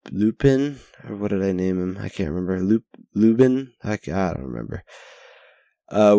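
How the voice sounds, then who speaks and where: A man's voice: lowish voice, a little mellow, no echo, studio quality. A young man hosting a casual spoken-journal podcast, rambling and self-deprecating, swearing casually into a headset mic. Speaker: podcast host. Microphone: headset mic with pop filter.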